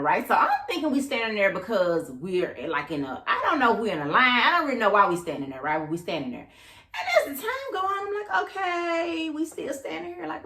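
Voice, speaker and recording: A woman in her thirties hosting a podcast, telling a dating story in a sassy, animated, casual way and talking straight to her listeners. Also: fairly low pitch. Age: 30s. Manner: animated, sassy, addresses listeners as girl and y'all. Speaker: podcast host. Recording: roomy echo.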